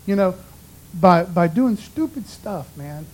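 A man's voice: high-pitched, lively intonation, slow, darkish tone, rough recording. A man giving an informal, conversational sermon in a folksy way, often dropping "man" and "you know". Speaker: preacher.

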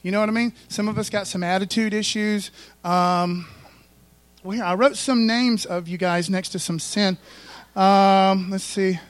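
A man's voice: high-pitched, fairly even intonation, a little slow, no room sound. A man preaching a sermon in a folksy, conversational way, full of asides to the congregation. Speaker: pastor.

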